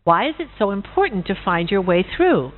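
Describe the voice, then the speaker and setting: A woman voicing a cheerful, sociable busybody pig with a bright, chatty manner, on a tinny recording. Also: medium pitch, very animated, normal speed, lightly acted. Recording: tinny phone-like sound.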